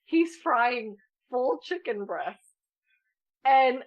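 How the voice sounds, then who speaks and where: A woman's voice: sits high, extremely slow, dull audio. A woman in her thirties co-hosting a podcast, telling a funny family story in casual chat and laughing often. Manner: animated, laughs often while telling stories. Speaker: podcast co-host.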